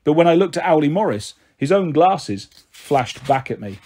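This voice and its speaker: A man reading a children's novel aloud as narrator, with expressive storytelling. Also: fairly high pitch, moderate pace, breathy edge. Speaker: audiobook narrator.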